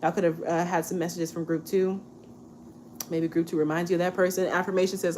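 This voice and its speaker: A chatty young woman in her twenties talks through a tarot reading in a loose, relaxed way, often tagging lines with "okay?". Her voice sits a little low for a woman. A faint hiss runs under her voice. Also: fairly quick. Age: 20s. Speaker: tarot reader.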